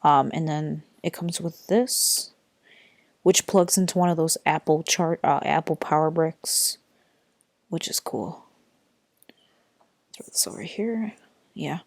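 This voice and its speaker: A woman's voice: sits low, darkish tone, dry recording. A young woman vlogging casually from her bedroom, chatty and rambling with lots of fillers, tired, recorded on a built-in computer mic. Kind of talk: casual unboxing vlog.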